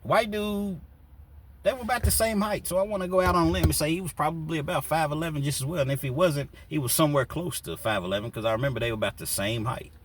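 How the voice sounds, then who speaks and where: A man's voice: a little high, quick pace. A man telling a prison story in a loose, rambling way with lots of "you know, man", recorded from a distance with faint background noise. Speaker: storyteller recounting prison life. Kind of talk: casual spoken storytelling.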